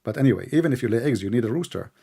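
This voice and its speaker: A man hosting a live online debate. He speaks slowly and deliberately in non-native English, and he mocks and interrupts his opponent. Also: medium pitch, animated, creaky, mellow, slightly rough. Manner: combative, mocking, keeps interrupting; slow, deliberate speech with non-native grammar. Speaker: debate host.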